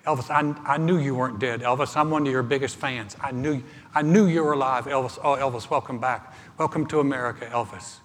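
A man's voice: medium pitch, steady tone, brisk, a bit bright, close to an everyday voice. A man doing an amazed customs officer. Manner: eager, repetitive. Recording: live church recording with long reverb.

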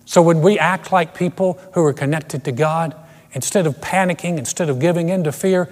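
A man's voice: on the high side, moderate pace, a little mellow, in a large hall. A middle-aged man preaching a sermon as pastor, earnest and emphatic, often restarting his phrases. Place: empty church auditorium.

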